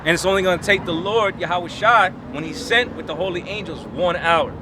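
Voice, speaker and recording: Fairly high street preacher guy, emphatic, mocking, loud city noise behind. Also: fairly quick. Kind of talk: street teaching. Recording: outdoor recording with loud traffic noise.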